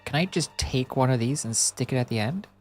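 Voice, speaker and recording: A woman with a rumbling low, darkish voice talks in an animated, brisk way while live-streaming herself animating digital art. She thinks aloud half to herself as she works, making playful sound-effect noises, with faint music in the background.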